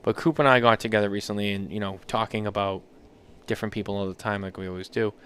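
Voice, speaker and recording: A man co-hosting a casual talk show, telling animated, rambling anecdotes. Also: lowish voice, fast talker, smooth. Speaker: podcast co-host. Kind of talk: casual chat, storytelling.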